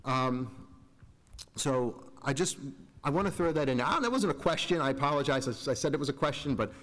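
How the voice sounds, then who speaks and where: A man's voice: medium pitch, fairly quick, fairly bright tone. Earnest rambling man in a hall. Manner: rambling, earnest, self-interrupting. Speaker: school board member. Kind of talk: public meeting remarks. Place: large school meeting room. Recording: reverberant hall.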